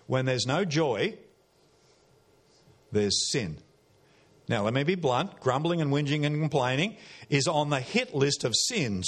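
An Australian man preaching a sermon in a church, folksy and conversational, with repeated phrases and questions to the congregation. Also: fairly high pitch.

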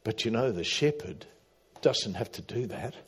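A middle-aged man preaching a sermon, swinging from loud emphatic calls to quiet, low asides. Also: animated, normal speed, breathy edge. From Australia. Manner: dramatic, rising to loud emphatic calls then dropping quiet. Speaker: pastor.

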